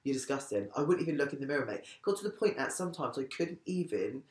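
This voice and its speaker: A woman's voice: deep voice, expressive, fast. A woman guesting on a podcast, chatting candidly and rambling with frequent restarts. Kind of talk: casual chat. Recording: echoey room.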